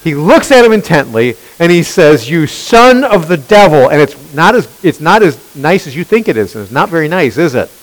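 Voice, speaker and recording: A man's voice: fairly high pitch, fairly quick, few pauses, rough recording. A male pastor preaching a sermon, emphatic and constantly questioning his listeners. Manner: animated, questioning the congregation, emphatic.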